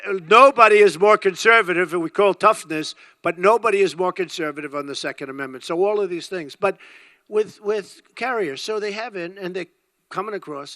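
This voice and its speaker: An older man's high, bright voice delivers a rally speech in dry, close sound. He talks in emphatic, rambling bursts and hammers the same phrases again and again. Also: no echo. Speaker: political candidate.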